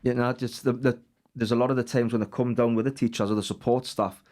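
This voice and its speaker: A man chatting as a podcast guest, his voice sitting mid-range. He speaks haltingly, with fillers and restarts. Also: mid-range voice, steady tone, darkish tone. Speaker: guest who works with kids. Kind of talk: casual chat.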